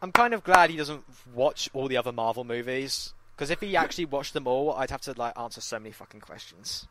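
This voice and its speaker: A young man co-hosting a casual podcast, telling animated anecdotes, acting out quotes and swearing freely. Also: medium pitch, brisk, slight background noise. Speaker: podcast co-host. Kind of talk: casual chat.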